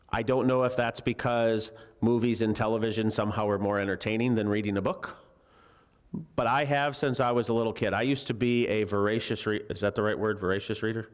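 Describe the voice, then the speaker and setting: A male preacher teaching a Bible lesson in a church in a chatty, joking way, often putting questions to the congregation. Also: lowish voice. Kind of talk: conversational sermon. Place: church sanctuary.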